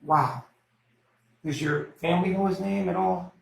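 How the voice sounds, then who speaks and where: A man's voice: high voice, steady tone, measured pace, vocal fry. Joking male interviewer in an echoey room. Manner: probing, joking questions. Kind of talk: casual interview. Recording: echoey room, faint room noise.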